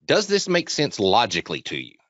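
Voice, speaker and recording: This man runs a casual live chart walkthrough in a trading webinar, chatty and repetitive, frequently quizzing his listeners. His medium-pitched voice swoops wildly in pitch, moving briskly with a slightly bright tone. The audio is dry but dull and lo-fi, typical of a webinar.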